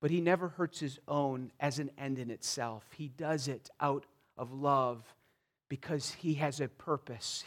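A man with a high-pitched voice delivers an expository sermon. His delivery is earnest and pleading. He drops soft and then swells with emphasis as he works through the text. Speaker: pastor.

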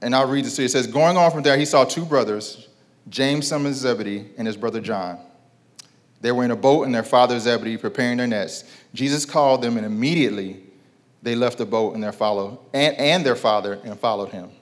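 A pastor in his thirties preaches a sermon in a relaxed, conversational style, at medium pitch and a brisk pace. He relies on rhetorical questions, repeats his key lines, and draws call-and-response from the congregation.

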